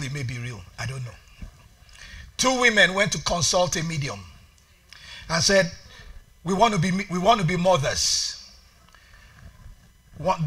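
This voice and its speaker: A man preaching a sermon as pastor, shouting calls to the congregation and dropping to quiet storytelling. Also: high-pitched. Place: church sanctuary.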